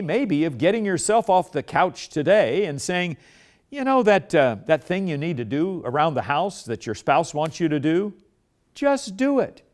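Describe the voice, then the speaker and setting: A man giving a video sermon as a preacher, animated and acting out quoted lines, shifting between loud and soft. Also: fairly high pitch. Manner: animated, acts out quoted lines with big swings of loudness.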